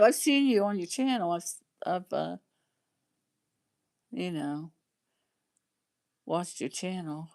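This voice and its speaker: A woman's voice: lowish voice, expressive, takes it slowly, creaky, long pauses. A middle-aged woman chatting casually on her livestream, rambling and laughing often. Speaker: livestream host chatting with viewers.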